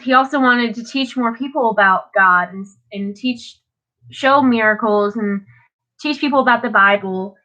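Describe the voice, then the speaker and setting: A woman's voice: fairly high pitch, sharp tone. A tired teenage girl on a live stream, reading Bible passages and chatting about them casually, full of "like"s and restarts. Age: teens. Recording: dull lo-fi audio.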